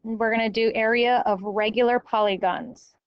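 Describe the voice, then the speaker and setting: A woman teacher explaining a math lesson step by step, often pausing to check with "okay?". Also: fairly high pitch, fairly even intonation, clean tone, dull audio. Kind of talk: recorded classroom lecture.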